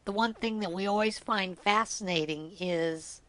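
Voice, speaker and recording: A woman's voice: mid-range voice, moderate pace, fairly bright tone. A middle-aged woman hosting a craft vlog, telling good-humored stories in a chatty way and laughing often. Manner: teasing, good-humored anecdotes. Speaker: knitting podcast host. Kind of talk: casual storytelling vlog.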